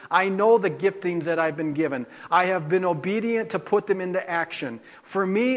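A male pastor preaching with earnest, confessional storytelling. His voice sits a little high for a man, and the sound rings out with a long hall reverb as in a church sanctuary. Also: a bit bright. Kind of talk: sermon with personal testimony.

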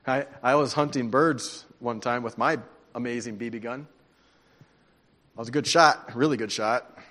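A man preaching a sermon, telling stories in an animated, conversational way. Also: medium pitch, normal speed. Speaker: pastor. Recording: long hall reverb.

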